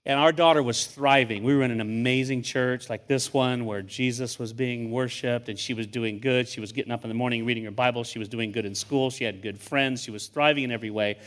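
Delivering a sermon as a visiting pastor, this older man speaks at medium pitch with fairly even intonation, a fairly bright tone, and a fairly quick pace with few pauses. He addresses the congregation like he's telling a story, frequently doubling words at the start of a thought.

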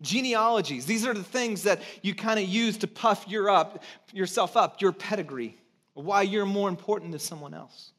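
A man's voice: high-pitched, moderate pace, fairly bright tone. A man in his thirties from California, preaching a sermon as a pastor in a conversational storytelling way with self-mocking humor.

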